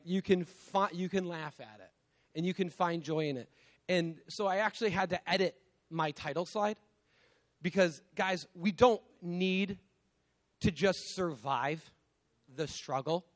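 A man's voice: high voice, fairly bright tone. A man in his thirties, who has young children, giving a casual, conversational sermon, peppering it with "like" and "right?" and laughing at himself. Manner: conversational, lots of "like" and "right?", self-mocking laughs. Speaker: guest preacher.

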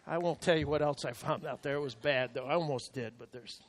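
A man's voice: a little high, quick pace, hardly any pauses. A male pastor preaching a sermon in church, emphatic and counting out his points. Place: church service.

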